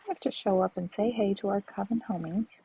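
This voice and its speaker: Streaming a farming game, a woman with a brisk, gravelly, medium-pitched voice chats and thinks aloud to her viewers in casual let's-play fashion. The stream audio is dull and lo-fi.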